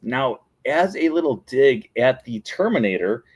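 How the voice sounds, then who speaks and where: A man's voice: mid-range voice, expressive, measured pace, slightly rough. A man hosting a daily show, talking casually and enthusiastically as he walks through scenes and quotes the characters' lines. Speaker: show host. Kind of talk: casual solo talk.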